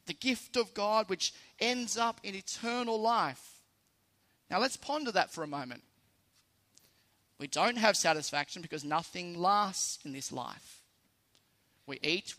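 A man's voice: sits high, pushed and bright. A man with an Australian accent preaching a sermon in a conversational, lightly humorous way, stressing key phrases.

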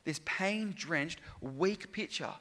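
A man's voice: on the high side, expressive, takes it slowly, bright, forceful tone, big-room sound. A man preaching a sermon, reading scripture aloud with emphatic, sometimes sarcastic delivery.

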